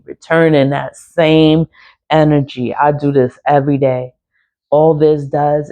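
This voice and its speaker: A woman's voice: sits low, dark tone, muffled recording. A woman vlogger in an unscripted personal rant, swearing often, repeating herself and laughing bitterly. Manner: profane, repetitive, laughing bitterly. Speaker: spiritual vlogger.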